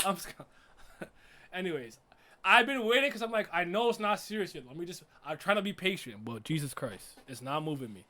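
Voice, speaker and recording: A man giving a casual reaction commentary as a streamer, laughing and swearing with loud frustrated outbursts. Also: high-pitched, sing-song, a little fast. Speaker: streamer reacting to an anime episode.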